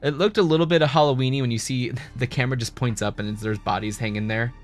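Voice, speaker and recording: A man's voice: mid-range voice, fairly even intonation, fast talker. A man talks through his review in a loose, rambling way, full of "like" and restarts. His voice sits in an ordinary middle register, and faint music plays under him. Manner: rambling, enthusiastic, many fillers and restarts. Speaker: video host, show reviewer. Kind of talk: casual video review.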